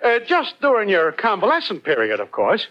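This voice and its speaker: A lazy, wisecracking boyfriend. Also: male voice, sits high, wildly swooping pitch, normal speed, muffled recording. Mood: sly. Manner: wisecracking, sly. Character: lazy, work-shy boyfriend. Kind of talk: 1940s radio comedy acting. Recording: scratchy old radio recording.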